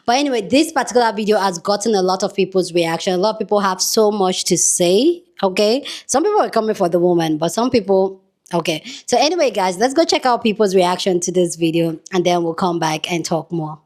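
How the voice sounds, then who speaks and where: A woman hosting her own vlog, chatting casually and tossing quick asides to her viewers. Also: mid-range voice, animated, a little mellow. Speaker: vlog host.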